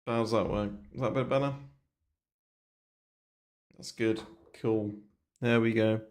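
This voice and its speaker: In a small, bare room, a crypto streamer leans into a desk mic moved close to his mouth and offers loose, rambling market commentary. His lowish voice is slow with fairly even intonation, and his talk is full of fillers and casual cursing.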